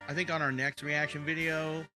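Excited man reacting to videos. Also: fairly high pitch, normal speed. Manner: excited, joking, says dude a lot. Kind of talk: casual reaction chat. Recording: music playing behind.

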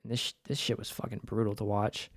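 A man's voice: fairly low pitch, level tone, fast talker, slightly rough, no echo. Young boston guy recapping a show, chill and rambly, swears a lot, dead dry mic. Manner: loose and conversational, swears freely, many fillers. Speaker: host. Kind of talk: casual episode recap.

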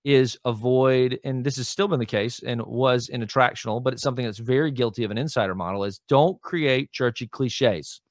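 A lead pastor with a medium-pitched voice talks casually as a guest in a conversational podcast interview, in clean studio sound with no room noise. He teaches with emphasis, often pressing "right?" and "hear me," with many fillers, restarts, and quick asides.

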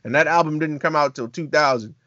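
A man's voice: on the high side, fairly quick, dull audio, a loud crowd. Upbeat man, casual podcast talk. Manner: enthusiastic, lists at length. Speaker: podcast co-host. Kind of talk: casual chat.

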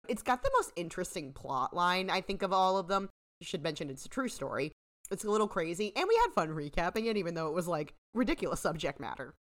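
A woman's voice: on the low side, fast talker. A woman co-hosting a podcast, chatting casually and wryly while recapping a TV season, swearing freely. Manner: animated, wry, swears freely. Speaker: podcast co-host.

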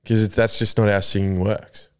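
Rambling Australian man with a low voice. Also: moderate pace, clean tone. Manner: animated rambling storyteller, swears freely. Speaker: podcast co-host. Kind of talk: casual banter.

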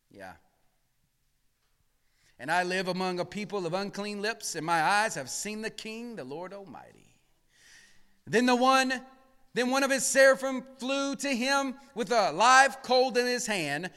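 A man preaching with a high, bright voice that rings out in a church hall with a long reverb. His tone is smooth and clear. He sinks to near-whispers, then builds to shouts, and asks the room to answer him back. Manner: swings from hushed murmurs to shouted emphasis, calls for responses. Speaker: pastor. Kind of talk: sermon. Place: church sanctuary.

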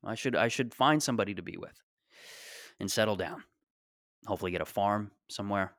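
A man's voice: lowish voice, brisk, a bit bright, no room sound, studio quality. A man in his late twenties hosting a solo podcast, talking casually in a rambling, joking, self-deprecating way. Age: 20s. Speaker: podcast host.

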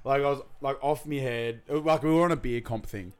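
A man's voice: medium pitch, brisk, smooth. A young Australian man co-hosting a podcast, telling stories in casual chat, laughing and swearing freely. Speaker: podcast co-host.

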